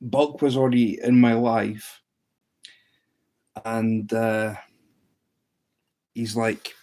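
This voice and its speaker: A man's voice: medium pitch, fairly even intonation, drawn-out words, long pauses, darkish tone. A man hosting a livestream, telling a story in a rambling, amused way with lots of restarts. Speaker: livestream host. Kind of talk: casual livestream chat.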